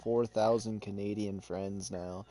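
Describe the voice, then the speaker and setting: A man's voice: on the low side, fairly even intonation, measured pace, a crowd in the background. A man hosting a casual gaming chat, playful and goofy, teasing his friend.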